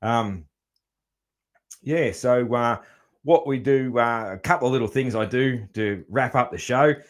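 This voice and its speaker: A man with a mid-range voice speaks at a measured pace. He's an Australian podcast host in a casual interview chat, laughing easily and dropping in relaxed fillers.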